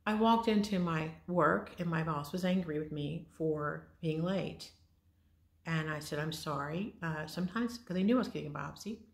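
A woman's voice: low-pitched, normal speed, creaky. A middle-aged woman telling her own story in a candid, wry, casual way. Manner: candid, wry, with sighs and laughs. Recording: echoey room.

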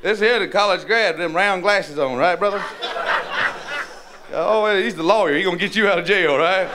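A man with a North Carolina Southern accent doing a crude stand-up set, with a rough, profane, drawling punchline delivery. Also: high voice, fairly quick. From North Carolina, USA. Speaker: stand-up comedian. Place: comedy club stage. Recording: live club with crowd laughter and noise.

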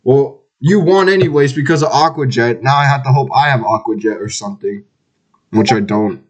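A man's voice: mid-range voice, normal speed. A man chatting casually over voice chat while gaming, teasing and trash-talking his friends. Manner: teasing, playful trash talk. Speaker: online game player.

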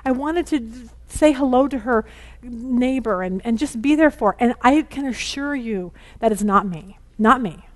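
Brief: middle-aged woman, Bible study teacher, fairly high voice, chatty and candid, rushed. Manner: chatty and candid, rushing against the clock; acts out family conversations in lively quoted voices. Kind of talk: informal Bible lesson.

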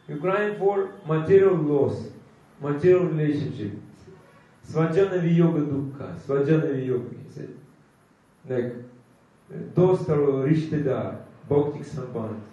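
A man giving a slow, emphatic sermon, drawing out chanted phrases and mixing in Hindi. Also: fairly high pitch, warm tone. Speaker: preacher. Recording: echoey hall from far off, dull lo-fi sound.

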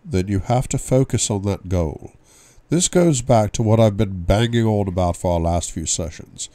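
A man voicing a calm, probing male psychiatrist in an audiobook reading, with measured questions. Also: fairly low pitch, no echo, voice pushed up, lightly acted.

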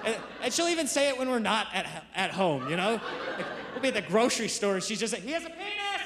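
A man's voice: high-pitched, lively intonation, fast talker, a loud crowd, very noisy. A man performing a stand-up comedy set on stage, chatty and self-interrupting. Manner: conversational, self-interrupting, jokey. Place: theater stage before a live audience. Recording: reverberant hall with audience laughter.

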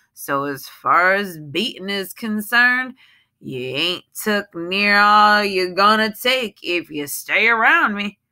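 A woman's voice: on the low side, sharp tone, clean tone, full character voice. A woman voicing a cruel, boastful husband who sneers in heavy dialect. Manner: sneering, swaggering. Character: cruel, boastful Southern husband, adult man.

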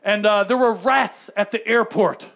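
A middle-aged man telling a stand-up comedy story with animated, punchy delivery. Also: high voice, unhurried, gravelly.

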